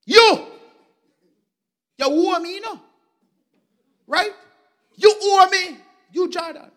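A man voicing a furious male servant with a Jamaican accent, shouting threats at a debtor. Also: extremely high pitch, level tone, a little fast, voice pushed up.

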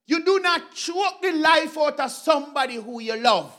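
A man preaching a sermon, telling a Bible story with animated swings between loud bursts and quiet asides. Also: very high-pitched, normal speed.

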